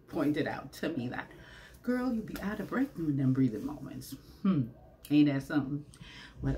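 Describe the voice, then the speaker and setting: A woman with a low, slightly mellow voice delivers a casual vlog monologue indoors at home, facing a camera lit by a ring light. She's chatty and a bit preachy, throwing out rhetorical questions, and there's slight background noise.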